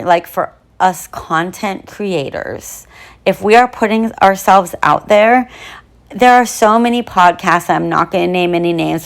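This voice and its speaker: A woman's voice: fairly low pitch, gravelly. Chatty bubbly woman with lots of fillers. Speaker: true crime podcast host. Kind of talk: casual podcast monologue.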